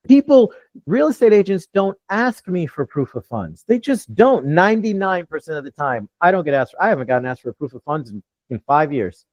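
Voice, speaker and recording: A man's voice: mid-range voice, a little mellow, no room sound. A man coaching real estate wholesalers in a live Q&A, blunt and profane with brash confidence. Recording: dull lo-fi dry sound.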